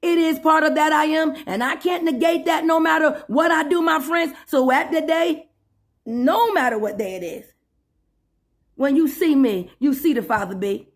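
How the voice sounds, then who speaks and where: A woman ranting in a satirical sermon style, preachy and profane, stretching out emphatic phrases and bursting into loud outbursts. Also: sits high, normal speed. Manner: preachy and profane, calls listener 'boo' and 'my friend'. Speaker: self-styled spiritual preacher.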